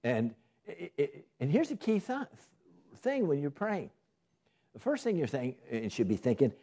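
A man delivers a sermon in a husky, mellow voice. His pitch swings widely as he leans into points, and he often repeats or restarts phrases and puts questions to his listeners. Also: very animated, moderate pace. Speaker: preacher.

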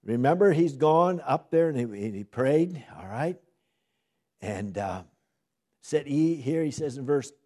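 A man's voice: mid-range voice, mellow. A man teaching a Bible study, reading scripture aloud with dramatic emphasis and asking his class questions. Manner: asks the class rhetorical questions.

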